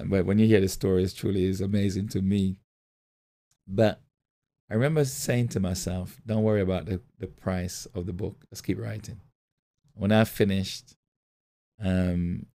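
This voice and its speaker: Male pastor, middle-aged, low and gravelly, mellow tone, storytelling sermon delivery. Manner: storytelling, repeats phrases, acts out quoted voices. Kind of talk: motivational sermon talk.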